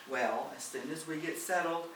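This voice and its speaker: A man voicing a calm, reassuring woman who comforts her friend, soothing and affectionate, recorded far off in a roomy space. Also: a little high, normal speed, close to an everyday voice. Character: calm reassuring woman, loyal travel companion. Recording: roomy, distant, faint hiss.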